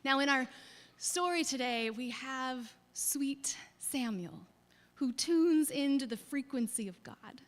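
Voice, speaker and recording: A woman pastor giving a sermon, retelling scripture stories in a storytelling manner, her phrase endings often falling away softly. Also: high voice, expressive, slow pace. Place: church sanctuary. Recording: long reverb of a church sanctuary.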